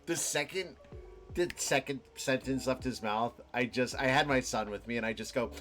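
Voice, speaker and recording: A young man hosting a live stream, talking in a halting, reflective way with many restarts and fillers. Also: mid-range voice, fairly bright tone, faint music behind. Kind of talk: rambling reflective monologue to chat.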